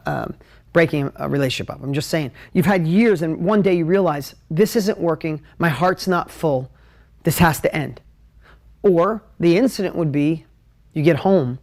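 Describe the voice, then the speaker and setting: Man, live-stream business coach, whiteboard lesson, animated, emotional, talks to viewers. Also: fairly high pitch. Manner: animated, emotional, jumps between ideas; talks straight to viewers, asks for comments. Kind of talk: live motivational teaching at a whiteboard.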